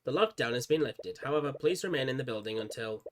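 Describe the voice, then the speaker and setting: A man's voice: mid-range voice, expressive, fast talker, a little hiss or hum, natural voice. A man voicing a male academy headmaster making a formal announcement in a story game.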